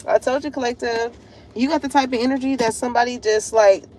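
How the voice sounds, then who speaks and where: A woman with a high voice gives a casual tarot reading straight to her viewers. Her delivery is animated and full of slang, and laughter keeps breaking through. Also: quick pace, a little hiss or hum. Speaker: tarot reader.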